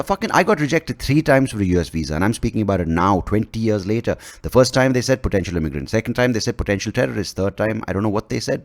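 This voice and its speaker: A man rambles through a comic podcast monologue, swearing freely and poking fun at himself. His low voice is gravelly and rises and falls in lively swings. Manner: profane, rambling, self-mocking. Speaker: podcast host. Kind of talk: comedic monologue.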